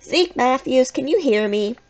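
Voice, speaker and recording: A woman voicing an angry female drama teacher who demands answers in a sharp, scolding manner. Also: high-pitched, expressive, a little slow, voice pushed up, poor audio.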